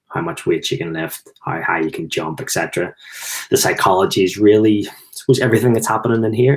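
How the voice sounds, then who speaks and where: A middle-aged man with a Belfast accent, telling rambling anecdotes in a casual talk to camera. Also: deep voice. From Belfast, Northern Ireland. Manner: rambling, anecdotal, chuckles at own stories. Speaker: host, former footballer.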